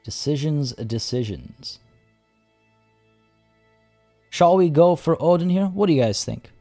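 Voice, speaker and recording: A man streaming a strategy game live, talking through his choices out loud and chatting with his viewers. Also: a little high, lively intonation, normal speed, faint music behind. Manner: chatty, reads chat aloud and thinks out loud.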